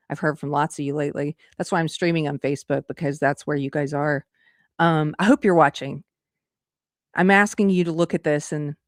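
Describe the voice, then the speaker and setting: A woman's voice: deep voice, dry recording, clean studio sound. A woman hosting live-streamed political commentary in an indignant, sarcastic manner. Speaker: host.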